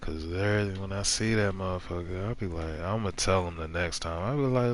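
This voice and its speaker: A man's voice: sits low, moderate pace, few pauses, a little hiss or hum. A man streaming a game, telling rambling stories in casual, profane chat.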